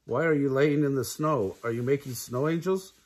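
An older man voicing a kindly male mole mail carrier who calls out in a friendly, husky voice. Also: mid-range voice, moderate pace, a little mellow, lightly acted. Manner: friendly, calling out.

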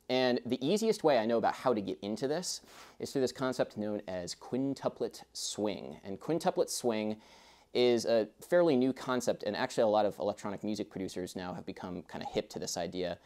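A man's voice: on the low side, lively intonation, brisk, a little mellow. A young man teaching a music lesson in a casual, chatty way, with rambling asides.

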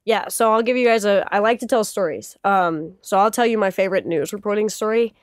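A young woman in her twenties with an American accent, a guest telling an animated story in a casual interview. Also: a little fast, no echo, clean studio sound. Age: 20s. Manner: animated, rising pitch in quoted speech.

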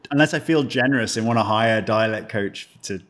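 Speaking briskly in a low, slightly bright voice, a British man appears as a guest actor on a podcast from a room in his home. His casual chat is full of dry self-mockery and frequent chuckles, and he often restarts his sentences as he rambles.

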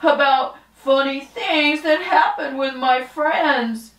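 A woman voicing an excitable young dog puppet who barks between words and is impatient to go for a car ride. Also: sits high, takes it slowly, distant mic, pitched above the performer's own voice. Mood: chatty. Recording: roomy echo.

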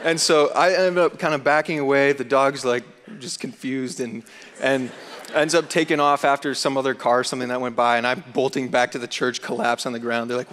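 A young man, a student chaplain, speaking from the stage in a university chapel and telling a personal story with animated energy. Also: medium pitch, a little fast, a little hiss or hum. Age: young adult. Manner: animated storyteller, acts out his own panic. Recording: long hall reverb.

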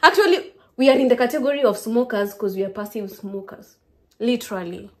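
Young kenyan woman vlogging, kenyan accent, kinda high voice, keeps calling viewers guys. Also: a little fast. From Kenya, Kisii. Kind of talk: casual chat to viewers.

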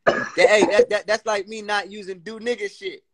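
A man hosting a casual panel chat over a remote call, excitable and emphatic, laughing often. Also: high voice, moderate pace. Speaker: panel host, former battle rapper. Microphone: remote call mic.

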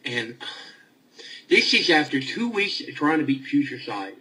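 A man angrily ranting about a video game, stammering and repeating himself as he swings between outbursts and low muttering. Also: very animated, measured pace, sharp tone, poor audio. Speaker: video gamer. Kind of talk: angry ranting vlog.

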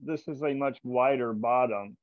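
Give me an enthusiastic man hosting a casual chat over a dull video call, mid-pitched, stumbling and repeating words. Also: normal speed, dry recording. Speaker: podcast host tasting bourbon. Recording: dull, lo-fi sound.

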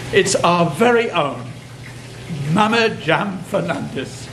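A man's voice: a little high, moderate pace. Chatty British man in his sixties. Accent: British English. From Britain. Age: 60s. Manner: chatty, excitable, rambling. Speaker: cooking vlog host. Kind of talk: casual chat to camera. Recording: echoey room with noticeable background noise.

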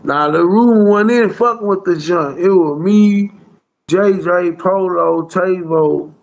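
A man's voice: high voice, slow, vocal fry, muffled recording. A man telling a rambling street story in casual slang, with lots of "bro" and "you hear me" along the way. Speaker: storyteller guest.

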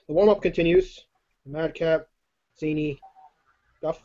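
A man doing a live card-magic demonstration on a video call, talking in a jokey, excitable, rambling way with self-deprecating asides. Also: on the high side, brisk. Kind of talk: chatty live-stream demonstration. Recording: dull lo-fi stream audio.

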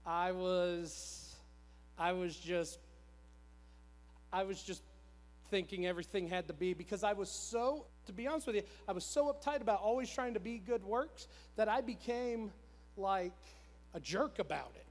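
High-voiced preacher man in a reverberant church. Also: normal speed. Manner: conversational, repetitive, self-deprecating. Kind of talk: storytelling sermon. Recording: long church hall reverb.

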